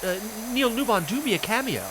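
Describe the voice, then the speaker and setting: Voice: mid-range voice, animated, moderate pace. A streamer in casual, playful gaming chat, theatrical with many fillers. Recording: hissy stream audio, spray noise.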